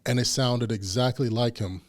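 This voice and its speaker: Hosting a casual podcast chat, a man tells stories animatedly and acts out the voices of the people in them. He speaks at normal speed with a medium pitch.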